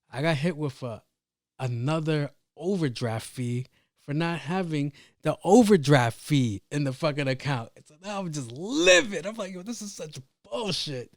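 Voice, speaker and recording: A man's voice: medium pitch, dry recording, studio quality. Profane, rambling man hosting a podcast. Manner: profane, rambling, animated retelling. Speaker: podcast host. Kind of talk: casual solo podcast storytelling.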